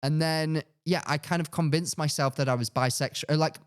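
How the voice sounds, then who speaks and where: A young man, a podcast co-host telling a personal story in a casual, animated way, acting out his own past lines. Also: brisk, smooth. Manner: animated, acts out his past self with sudden high-pitched outbursts.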